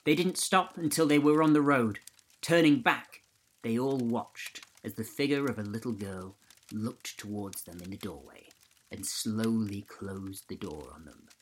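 A man hosting a podcast, reading a ghost story aloud in a steady, measured way. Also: lowish voice, slight background noise, rough recording. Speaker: podcast host and narrator.

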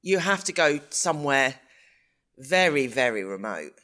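A man co-hosting a podcast in casual chat, talking in an animated, emphatic, teasing way. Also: medium pitch, unhurried. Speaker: podcast co-host.

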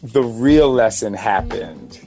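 Animated man telling a story. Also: fairly low pitch, slow pace, creaky, breathy edge, faint music behind. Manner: animated, rambling, acts out quoted dialogue. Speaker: podcast host. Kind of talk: casual storytelling.

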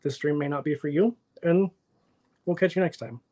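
A man's voice: a little high, normal speed, darkish tone. A man acting as storyteller and game master, opening a tabletop stream in a loose, chatty way. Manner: loose, chatty, self-interrupting. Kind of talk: casual stream intro.

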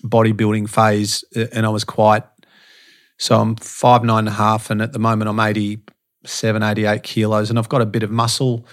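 This podcast guest, a middle-aged fitness and behaviour speaker, recounts his life in a casual interview with frank language and plenty of profanity. His fairly low voice stays completely flat at a moderate pace, and he restarts often and leans on fillers.

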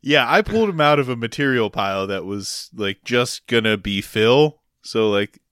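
A man co-hosting a podcast, chatting casually with laid-back, deadpan jokes. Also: medium pitch, moderate pace, smooth, no room sound, clean studio sound. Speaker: podcast co-host. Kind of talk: casual chat.

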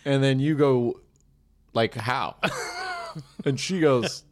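A man's voice: medium pitch, slow pace. A man hosting a casual podcast chat, playfully riffing on jokes.

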